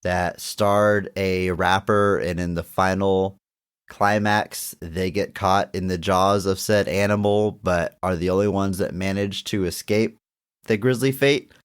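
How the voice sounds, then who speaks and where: A man's voice: sits low, fairly even intonation, measured pace, clear, resonant tone. A young adult man co-hosting a podcast, talking through a movie review in an enthusiastic, rambling way with frequent restarts. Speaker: podcast co-host. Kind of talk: casual movie review chat.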